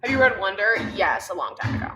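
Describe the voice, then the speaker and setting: A woman's voice: medium pitch, big pitch swings, fast talker, over music. A young woman hosting a live watch party, chatting casually, laughing often and swearing freely. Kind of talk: casual livestream chat. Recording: roomy echo.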